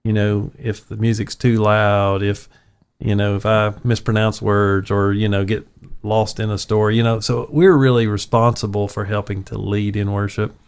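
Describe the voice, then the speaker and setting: Pastor guy, kinda low voice, earnest storytelling on a casual chat show. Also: flat delivery, moderate pace, clear, resonant tone. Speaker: pastor and podcast host.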